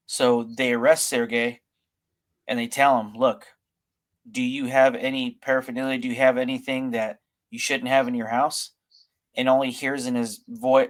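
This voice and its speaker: A man hosting a podcast, retelling a story in a loose, casual way with many fillers and restarts. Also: medium pitch. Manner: rambling, filler-heavy retelling. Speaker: podcast host.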